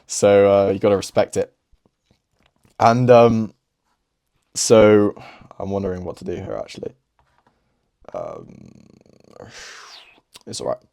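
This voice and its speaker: A man's voice: fairly low pitch, animated, slow pace, gravelly, pauses often, mellow. A young man hosting, chatting casually over gameplay in a rambling, laughing way. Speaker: host.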